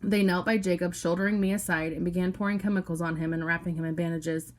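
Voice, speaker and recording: A woman reading a novel aloud, narrating in the first person with steady, low-key storytelling. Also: fast. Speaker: audiobook reader.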